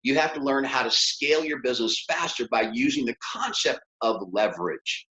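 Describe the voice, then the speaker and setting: A man's voice: medium pitch, animated, normal speed, bright, forceful tone. A middle-aged man giving a motivational business workshop lecture, emphatic and coaxing, often putting questions to his audience. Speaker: business instructor. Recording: roomy, slightly dull lo-fi sound.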